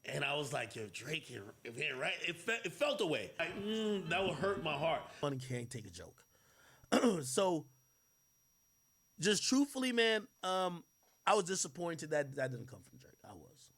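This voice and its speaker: A man in a played clip, talking in a slangy, heartfelt and halting way. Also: fairly high pitch, sing-song, fairly bright tone, slightly rough. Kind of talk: emotional casual talk.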